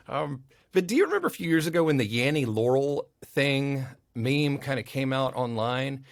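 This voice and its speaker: On a podcast, a male audio engineer trades casual stories, animatedly acting out the voices of the people in them. His mid-range voice moves at a normal speed with some vocal fry, and the studio recording is clean, with no room sound.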